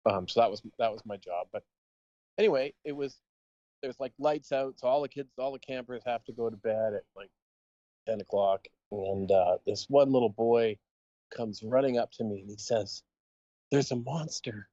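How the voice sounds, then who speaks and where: A man's voice: mid-range voice, normal speed, dark tone, no room sound. Podcast co-host, male, casual storyteller, rambling delivery, dry and slightly dull recording. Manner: rambling anecdote, laughing often.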